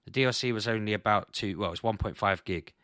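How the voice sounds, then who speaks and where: A man chatting on a gaming podcast in a lowish voice with a forceful, bright edge. He thinks out loud, stumbles over restarts and bursts into exclamations. The sound is dry and close. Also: fast, dry recording. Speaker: podcast host. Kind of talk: casual chat about video games.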